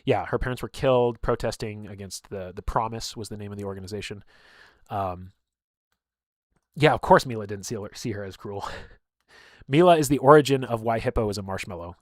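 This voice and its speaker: A man's voice: fairly low pitch, brisk, dry recording, clean studio sound. A man telling stories in casual chat, rambling with many fillers and openly emotional. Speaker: streamer and game player.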